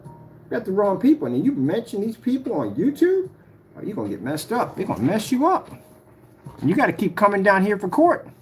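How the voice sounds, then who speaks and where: Animated man ranting at camera. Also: sits high, brisk, slight background noise. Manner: confrontational, rambling, warning tone. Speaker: YouTuber addressing a rival. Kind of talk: direct-to-camera rant.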